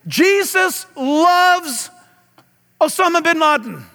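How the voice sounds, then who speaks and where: A middle-aged male pastor preaching a sermon with impassioned, loud delivery and dramatic swings in a large church hall. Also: very high voice, lively intonation, slow.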